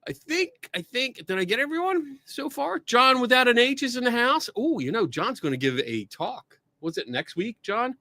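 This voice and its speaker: A breathless man hosting a livestream, high and bright in tone, his pitch leaping all over as he chats, laughs and swears. The sound is close and dry. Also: normal speed, few pauses, no room sound. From Buffalo, New York. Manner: excitable, laughs often, swears casually. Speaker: podcast host. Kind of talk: casual livestream chat.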